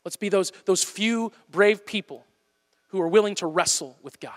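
A man preaching a sermon in a church, impassioned and swinging between loud appeals and hushed asides. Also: sits high, moderate pace. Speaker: pastor. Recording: long hall reverb.

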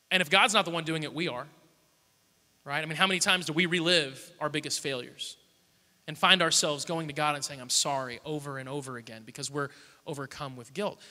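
High, bright-voiced pastor in a hall. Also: male voice. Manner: storytelling with humor. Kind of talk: sermon. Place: large church hall. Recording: long hall reverb.

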